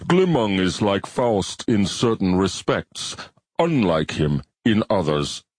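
A man voicing a large alien bivalve creature in an audiobook, speaking slowly and precisely like a lecturer. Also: lowish voice, big pitch swings, slightly rough, dry recording, exaggerated voice. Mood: lecturing.

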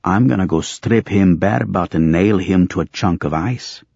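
A man's voice: deep voice, normal speed, creaky, a little mellow, husky, dry recording, lo-fi sound, heavily acted. A man doing a snarling, foul-mouthed old wizard. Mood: griping. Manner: snarling, barking threats.

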